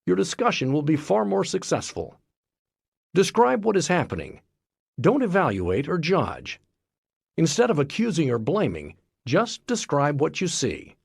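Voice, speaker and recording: Lively gravelly male audiobook narrator. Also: on the high side, no room sound, clean studio sound. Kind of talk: scripted narration.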